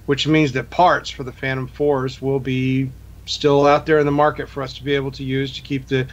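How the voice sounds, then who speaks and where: A man presents a drone news segment and reads sponsor copy and news in a steady, matter-of-fact way. He comes through a dull, lo-fi microphone that muffles his voice. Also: mid-range voice, moderate pace. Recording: dull lo-fi mic.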